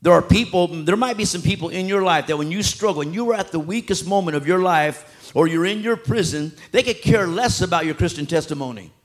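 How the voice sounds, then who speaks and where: A man preaching a sermon in a church, animated and acting out street talk. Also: high voice, a little fast, hardly any pauses.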